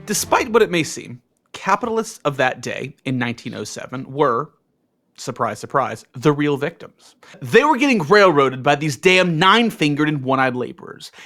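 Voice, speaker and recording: A man co-hosting a podcast, sliding between casual chat and narration. He has a somewhat high voice and slips in dry, sarcastic jokes. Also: fairly bright tone. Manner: joking, sarcastic. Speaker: podcast co-host.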